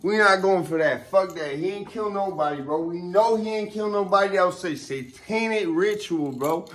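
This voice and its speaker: A young man with a noticeably high voice delivers loose, rambling commentary straight to his audience. He leans hard on profane street slang and constant fillers and restarts. He grows emphatic and heated as he vents. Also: normal speed, few pauses, a bit bright. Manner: heated and emphatic when riled up. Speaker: vlogger. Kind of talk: casual ranting commentary to camera.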